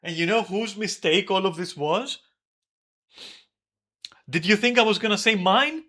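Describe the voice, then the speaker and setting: A man streaming an angry, profane rant about his old flatmate, yelling at times. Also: high voice, a little slow, pauses often. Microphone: desk microphone.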